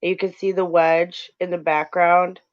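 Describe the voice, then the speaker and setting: A woman from North Dakota co-hosting a casual livestream chat, talking in quick bursts. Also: on the low side, little pitch movement, no room sound. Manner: chatty, talks fast in bursts. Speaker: co-host. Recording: dull lo-fi stream audio.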